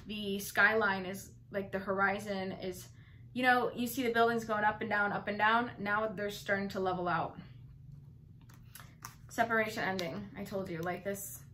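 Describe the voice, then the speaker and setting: Bright, bubbly woman reading tarot. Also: medium pitch, steady tone, moderate pace, slight background noise. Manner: chatty, bubbly, rambling with fillers and playful asides. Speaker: tarot reader. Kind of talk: casual channel reading.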